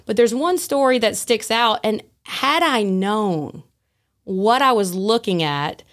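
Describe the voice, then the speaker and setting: A woman guest on a podcast, telling a story in a casual, animated way and acting out the dialogue. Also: mid-range voice, takes it slowly. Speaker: guest, former prison staff.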